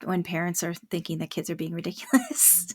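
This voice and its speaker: A woman's voice: lowish voice, level tone, fairly quick, husky, dry recording, studio quality. A middle-aged woman podcast host and parent coach, telling stories in a casual, chatty way and laughing often. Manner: chatty storyteller, laughs often, many fillers.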